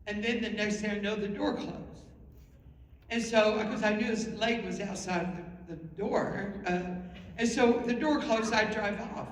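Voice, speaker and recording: A woman, a pastor's wife, telling a lively story to a live audience in an animated, laughing, exclamatory way. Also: medium pitch, measured pace. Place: large event hall. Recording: echoey hall with audience. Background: audience sounds.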